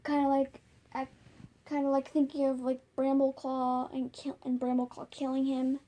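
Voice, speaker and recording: High voiced woman rambling thru a made-up story at home, lots of likes and ums, mellow tone. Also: monotone, moderate pace. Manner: rambling, lots of filler words. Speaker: fan storyteller. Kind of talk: casual improvised storytelling. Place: home, by a window.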